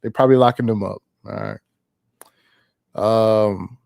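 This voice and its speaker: Slangy, laughing casual commentator. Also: male voice, on the low side, steady tone, measured pace, gravelly, pauses often, a little mellow, dry recording, studio quality. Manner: slangy, laughing, rambling, profane. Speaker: commentary streamer.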